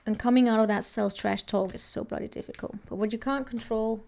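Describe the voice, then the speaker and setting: A woman's voice: a little high, fairly even intonation, brisk, creaky, darkish tone. A woman giving a casual tarot reading, thinking aloud and rambling with many restarts. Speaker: tarot reader.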